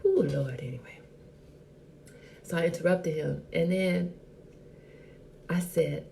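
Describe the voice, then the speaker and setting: Sassy gravelly-voiced woman hosting a chat. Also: sits low, takes it slowly, long pauses, slight background noise. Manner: sassy, animated and blunt; greets viewers by name. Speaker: host. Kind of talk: casual live chat show.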